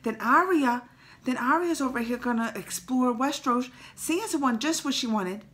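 A woman hosting a casual reaction video, retelling a story in an excitable, emotional way with dialect phrases and a creaky, teary edge. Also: high-pitched, moderate pace. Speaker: YouTube reaction host.

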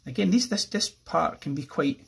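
A man with an Irish accent explaining a pencil drawing step by step as he works, relaxed and thinking aloud. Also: a little high, moderate pace, vocal fry, breathy edge. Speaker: art teacher. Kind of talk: drawing tutorial narration.

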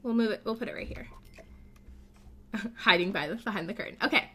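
A woman's voice: medium pitch, fairly quick, sharp tone, husky. A woman hosting a casual let's play, chatty and rambling as she thinks aloud, and often gasping and squealing with delight. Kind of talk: casual gameplay commentary.

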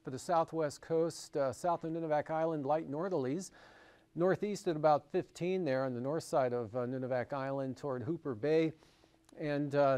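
A man's voice: a little high, a little mellow, smooth. A man with an American accent presenting a broadcast marine and weather forecast, talking it through loosely with frequent fillers.

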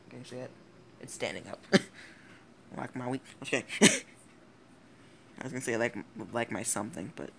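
Giggly teen guy with a gravelly voice. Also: mid-range voice, a little hiss or hum. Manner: giggly, rambling, swears often, self-interrupting. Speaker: YouTuber. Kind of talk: casual rambling vlog commentary.

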